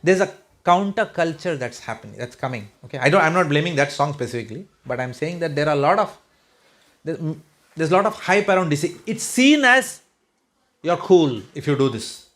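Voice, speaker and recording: Animated and fairly quick, a man from Mumbai gives a spiritual talk to a home group in a fairly high, fairly bright voice with an Indian English accent. His tone is wry and occasionally sarcastic, and he keeps asking "right?" and "hmm?".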